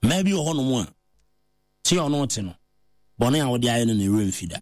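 A man with a Ghanaian accent preaching in a conversational way, mixing languages and rising to high, emphatic pitch. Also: animated, fairly quick, no echo, clean studio sound.

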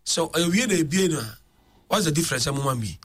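A man hosting political talk radio, switching between English and Twi with excitable commentary. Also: on the high side, quick pace, breathy edge.

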